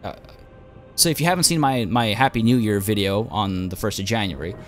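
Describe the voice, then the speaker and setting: A man's voice: on the low side, brisk, a little hiss or hum. A man hosting a game let's play, losing his voice as he thinks aloud with plenty of uhs and ums. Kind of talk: gameplay commentary.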